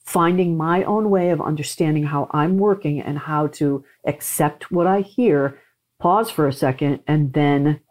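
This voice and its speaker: Low-voiced expressive woman. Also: a little slow. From not from Texas, now living there. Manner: expressive, animated storyteller. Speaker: guest. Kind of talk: casual podcast conversation.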